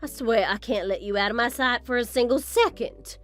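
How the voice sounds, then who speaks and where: A woman's voice: fairly high pitch, normal speed, lightly acted. A woman playing a vain, belittling middle-aged mother-in-law in a text-story drama. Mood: scolding. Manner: haughty, belittling, self-admiring.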